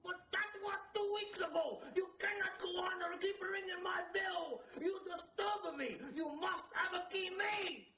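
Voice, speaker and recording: A shrill, fussy landlord. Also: male voice, pushed and bright, slight background noise, heavily acted. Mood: indignant. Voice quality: shrill, strained. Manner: slow, exaggerated protesting delivery. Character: fussy, shrill male upstairs landlord, easily outraged. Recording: echoey, distant old film clip.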